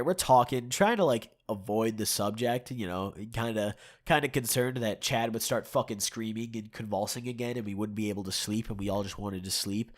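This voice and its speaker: A young man with a stuffed-up nose and sore throat, telling a rambling, profane story to his channel and chuckling often. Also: medium pitch. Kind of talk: casual storytime.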